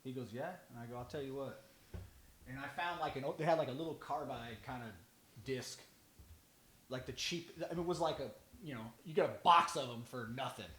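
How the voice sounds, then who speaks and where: A man's voice: mid-range voice, a little fast, pushed and bright, reverberant. A man telling stories in a casual podcast chat, acting out both sides of each conversation. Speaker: band drummer, podcast regular.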